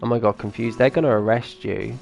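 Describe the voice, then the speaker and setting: A man's voice: on the low side, steady tone, a little fast, gravelly, a little mellow, lo-fi sound, soft background music. A man streaming a farming game, chatting casually and answering his viewers' comments as he plays. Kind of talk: casual live-stream chat.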